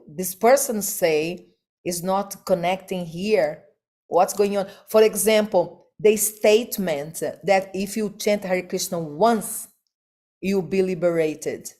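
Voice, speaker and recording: Slow, emphatic woman giving a devotional class. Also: medium pitch, dark tone. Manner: slow, emphatic, rhetorical questions, non-native phrasing. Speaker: spiritual teacher.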